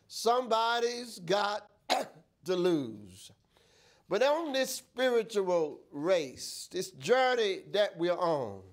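Slow, lively-pitched preaching man. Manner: slow, drawn-out preaching cadence with frequent amens; reads scripture in King James wording. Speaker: pastor. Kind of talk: sermon.

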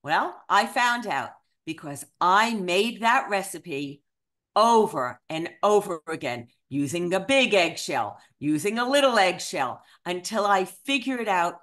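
A woman, a cookbook author telling anecdotes to an audience with animated, self-deprecating humor. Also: on the low side, a little slow. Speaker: cookbook author, guest speaker.

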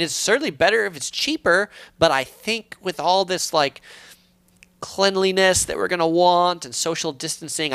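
A middle-aged man from San Diego casually chatting on a live stream, reading out viewer comments with a relaxed, filler-heavy manner. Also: medium pitch, no room sound. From San Diego, California. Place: at home.

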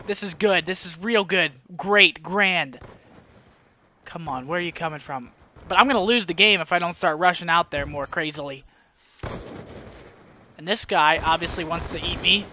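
A young man narrates his own gameplay live into a headset mic, his voice high and very bright. He drifts between quiet mumbling and sudden frustrated outbursts. Gunshots from the game sound behind him. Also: moderate pace, long pauses. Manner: excitable, swings from mumbling to frustrated yelling. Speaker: gaming commentator. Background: gunfire from the game.

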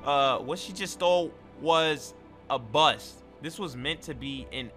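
A man voicing a gruff undercover male cop in a game role-play. He speaks low and flat. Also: measured pace, soft background music.

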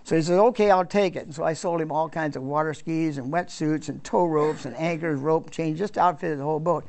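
An older man with a gravelly, slightly raised voice tells a folksy business story to students. He slips in and out of the voices of people he quotes, keeping it lively and plain-spoken. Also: on the high side, a little fast. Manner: folksy anecdote teller, acts out quoted voices. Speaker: business founder telling stories.

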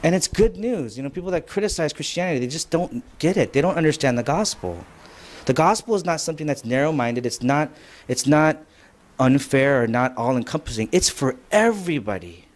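A man preaching a conversational church lecture, mostly relaxed but rising to emphatic points. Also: on the high side, fairly quick. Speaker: pastor. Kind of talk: sermon lecture.

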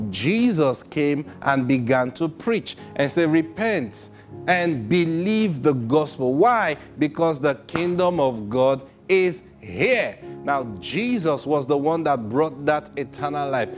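A man preaching a sermon with lively energy. He laughs often, repeats "Praise God" and acts out voices in his stories. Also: fairly high pitch, slow pace, soft background music.

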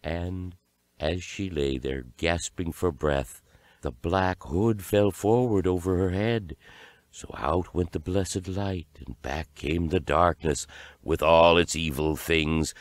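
A man reading a fairy tale aloud as narrator, in slow, deliberate storytelling. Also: extremely low pitch, a bit bright, dry recording.

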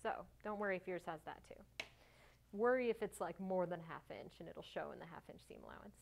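A woman hosting a sewing tutorial, talking casually and cheerfully through each step, joking at herself and breaking into little bursts of excitement. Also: on the low side, fairly quick, vocal fry, slight background noise. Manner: chatty, self-mocking, bursts of excitement.

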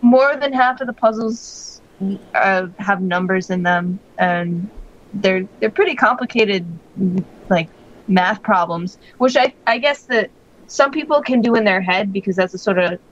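A woman's voice: mid-range voice, a little slow. Rambling woman on a lo-fi podcast. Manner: rambling, many fillers and restarts. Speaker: podcast co-host. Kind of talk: casual chat. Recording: dull lo-fi podcast audio.

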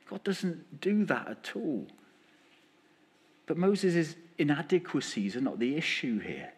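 Lively male preacher. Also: mid-range voice, measured pace, breathy edge. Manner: lively, with acted-out quotes. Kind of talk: sermon. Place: church.

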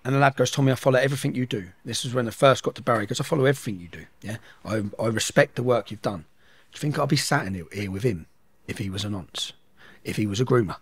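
A man's voice: mid-range voice, slightly rough, dry recording. Middle aged guy rattling off a story, acts out what people said, dry close sound. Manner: rapid, animated storytelling, acting out dialogue. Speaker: guest. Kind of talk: storytelling in a podcast interview.

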